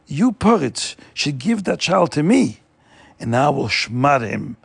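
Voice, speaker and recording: A man's voice: fairly high pitch, sing-song, slow pace, gravelly, slightly rough, no echo, exaggerated voice. A man doing a scheming, cruel village priest. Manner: urging, plotting.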